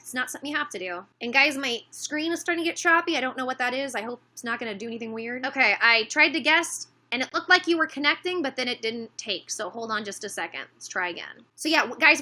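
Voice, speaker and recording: Livestream host, woman; high bright voice, frustrated, defensive, calls out chat by name. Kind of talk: casual livestream talk to chat.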